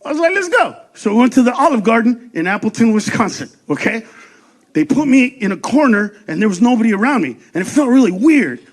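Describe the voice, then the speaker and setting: A man doing a stand-up comedy set on a club stage, loud and profane, acting out characters in quick voices. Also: very high-pitched, big pitch swings. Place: comedy club stage before a laughing audience.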